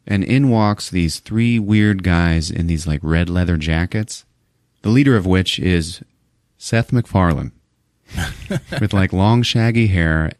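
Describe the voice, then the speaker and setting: A man's voice: deep voice, takes it slowly, a little mellow, dry recording, clean studio sound. A man hosting a podcast, casually recapping a movie with lots of swearing and laughing. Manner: profane, laughing often. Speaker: podcast host.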